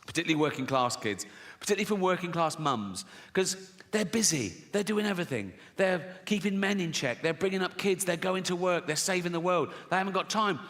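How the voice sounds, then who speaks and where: A man doing a dark, sardonic stand-up set, acting out the people in his stories. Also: sits high, expressive, fairly quick. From England. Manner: dark, sardonic storytelling, acts out characters. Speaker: stand-up comedian. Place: arena stage with audience laughter. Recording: live arena hall with loud crowd noise.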